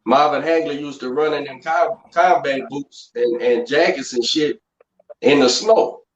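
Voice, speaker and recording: Blunt, cursing coach in an echoey room. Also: male voice, mid-range voice, unhurried. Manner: blunt, profane storytelling. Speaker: strength and conditioning coach. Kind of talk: casual podcast chat. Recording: echoey, dull remote call audio.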